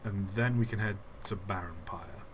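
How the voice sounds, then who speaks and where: A man's voice: fairly low pitch, moderate pace, slight background noise. A young man, commenting casually as he plays a game on a live stream and drifting into long musing asides. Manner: rambling, musing aside while playing.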